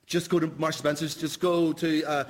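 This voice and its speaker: A man's voice: fairly high pitch, little pitch movement, brisk. Rambling man joking. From Northern Ireland. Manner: rambling and jokey, with many hesitations. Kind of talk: comic panel banter.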